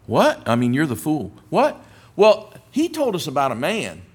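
An older man preaching a sermon, telling folksy stories with humor and rising to forceful emphasis on scripture. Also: fairly high pitch, wildly swooping pitch, normal speed, slightly rough. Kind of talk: sermon with storytelling.

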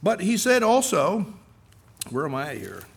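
This middle-aged pastor's voice is gravelly and a bit rough, unhurried, with huge swings in pitch. His earnest sermon mixes scripture readings with personal anecdotes, and he acts out quoted speakers while growing higher and louder to drive points home.

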